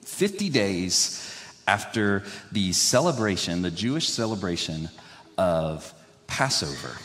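A man's voice: medium pitch, a bit bright. A young man preaching in a loose, conversational way, rambling with restarts and laughing at himself. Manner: rambling, self-deprecating, laughs often. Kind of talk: conversational sermon. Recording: long hall reverb.

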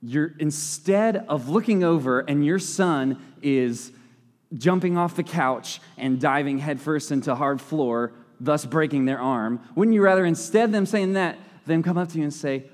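A man's voice: fairly high pitch, unhurried, a little mellow. A young man giving a casual sermon, talking conversationally with playful asides and frequent self-corrections. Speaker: lay preacher. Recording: long hall reverb.

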